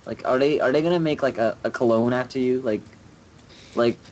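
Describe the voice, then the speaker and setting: A man's voice: medium pitch, a little fast, a little mellow, dull audio, slight background noise. A young man hosting a game stream in casual chat, rambling and profane, full of fillers. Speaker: streamer host.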